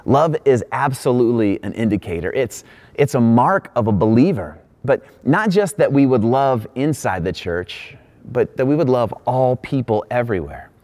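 Animated male preacher telling a story. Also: mid-range voice, moderate pace. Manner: animated storyteller, self-deprecating. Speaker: pastor. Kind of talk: sermon with a comic story.

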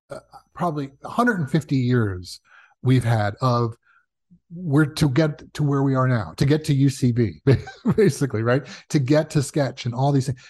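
In studio-quality audio with no room sound, a medium-pitched man chats casually as a guest about writing comedy. He's animated, performing the voices of anyone he quotes as he tells his stories.

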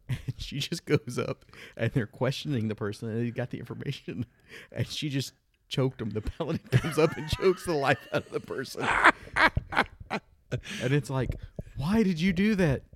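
A man's voice: mid-range voice, normal speed, breathy edge. A man co-hosting a casual chat, telling tabletop game anecdotes in a laid-back way with chuckles. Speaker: podcast co-host.

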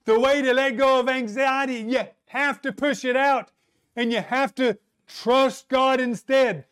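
A man preaching a sermon, slow and emphatic, asking rhetorical questions and leaning on dramatic pauses. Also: very high voice, fairly even intonation, a bit bright, smooth.

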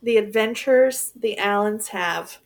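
A woman's voice: medium pitch, slow. A woman co-hosting a podcast in casual chat, reacting with short, sympathetic remarks. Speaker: podcast co-host.

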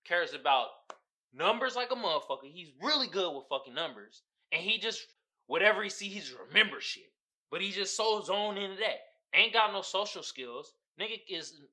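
A man hosting a casual podcast, telling a story in a profane, slangy way. His voice is very bright and sharp, and his pitch swings all over the place. He laughs often and acts out the people in the story. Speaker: podcast host. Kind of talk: casual comedic podcast monologue.

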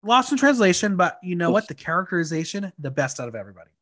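A man co-hosting a casual recap podcast, animated and chatty, often mimicking voices as he reads quotes. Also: sits high, fast, a crowd in the background. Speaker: podcast co-host.

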